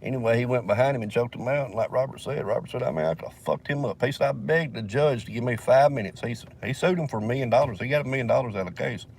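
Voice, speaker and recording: A man's voice: mid-range voice, quick pace, vocal fry, few pauses, a little mellow, breathy edge. A man from Alabama with a Southern accent, telling a long story in a casual vlog, swearing heavily and rambling with fillers, recorded in a vehicle.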